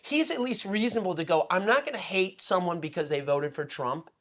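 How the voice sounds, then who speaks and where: A man speaking as a guest on a political talk show, emotional and rambling, swinging between loud outbursts and hushed asides. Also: sits high, fairly quick. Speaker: guest commentator. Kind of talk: impassioned political commentary.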